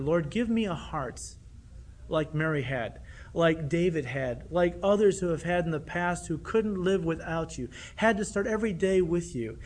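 A man preaching a sermon in an earnest way, often asking his listeners rhetorical questions. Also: high-pitched.

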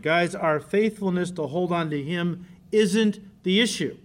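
A man preaching a sermon as a pastor, animated, often stopping to say "listen" and "okay". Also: fairly high pitch, unhurried.

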